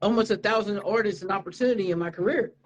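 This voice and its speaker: A woman talking casually as an interview guest, relaxed and slangy, with frequent fillers and restarts. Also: medium pitch, fast talker, muffled recording. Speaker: interviewee, media studio owner.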